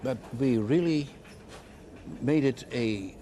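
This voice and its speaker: An older man, a former retail executive, reflects on his career in a conversational interview, halting and repeating words as he searches for phrasing. His voice is mid-range and mellow, and there's noticeable background hiss.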